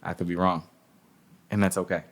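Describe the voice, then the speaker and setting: A man's voice: low-pitched, little pitch movement, fairly quick, vocal fry. A man talking casually as an interview guest, loose and profane, with lots of "like" and "you know.". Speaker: music industry guest.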